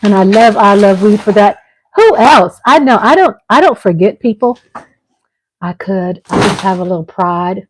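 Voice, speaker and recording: A middle-aged woman hosting her vlog at home, chatting casually with viewers; animated and gushing, laughing often and swinging from loud excitement to soft tenderness. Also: medium pitch, normal speed, slight background noise, low-quality recording. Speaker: vlog host. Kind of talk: casual live chat with viewers. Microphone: on a mic at home.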